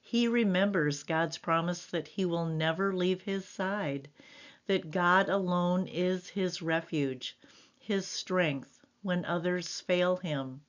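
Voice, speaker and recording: Slow, low-voiced woman pastor. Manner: gentle, earnest, reflective. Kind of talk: devotional sermon. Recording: slightly dull lo-fi recording.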